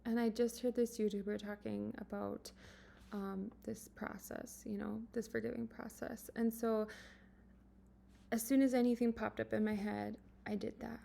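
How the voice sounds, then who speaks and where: A woman vlogger sharing a personal story in an earnest, emotional way, speaking softly and haltingly with many fillers. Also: a little high, level tone, vocal fry, slight background noise. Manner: soft-spoken, halting, full of fillers and restarts; earnest and emotional, at times dropping to a whisper.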